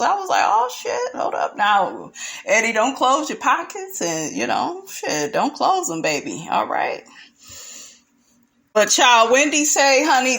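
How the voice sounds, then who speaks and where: A woman's voice: mid-range voice, fairly bright tone. Sassy chatty woman recapping TV. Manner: sassy and chatty, calls viewers honey and child. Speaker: reality TV recap vlogger. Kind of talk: casual recap commentary.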